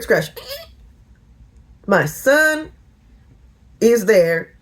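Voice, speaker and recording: A middle-aged woman chatting casually in a get-ready-with-me vlog, telling a lively story with laughter. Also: fairly low pitch, measured pace. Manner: animated storytelling, laughing and singing along. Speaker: vlogger.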